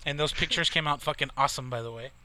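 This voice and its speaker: A man in his thirties from Texas, near the Mexican border, tells a rambling, profane story in casual chat, full of fillers. He talks fast at a medium pitch, his voice pushed and bright.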